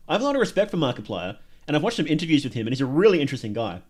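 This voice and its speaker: A man's voice: a little high, sing-song, very fast, darkish tone. A man chatting casually as a streamer reacting to horror videos, joking and rambling, laughing often. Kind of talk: casual livestream reaction commentary.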